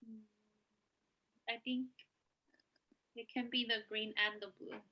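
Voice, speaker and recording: A woman's voice: a little high, little pitch movement, slow, highs cut off, slight background noise. A woman answering a teacher's questions in class with short, hesitant replies. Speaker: student.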